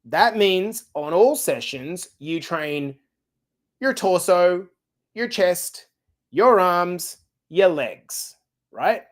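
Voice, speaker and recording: A middle-aged man hosting a fitness podcast, coaching listeners in an energetic, direct and casual way. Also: sits high, extremely slow. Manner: energetic, direct, casual and blunt with occasional swearing. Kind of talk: podcast monologue.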